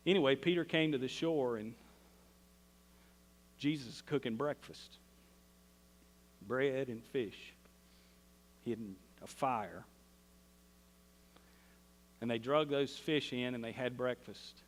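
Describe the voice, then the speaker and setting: Folksy Southern preacher in a reverberant hall. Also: male voice, medium pitch, slow, long pauses. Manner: folksy storytelling, acts out quoted voices. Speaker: pastor. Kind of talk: sermon.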